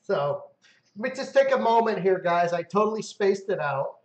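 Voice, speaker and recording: Man, high voice, excitable storyteller, casual stream host, roomy echo. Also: moderate pace. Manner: excitable storyteller, swears, mimics himself loudly. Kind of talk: casual live-stream chat.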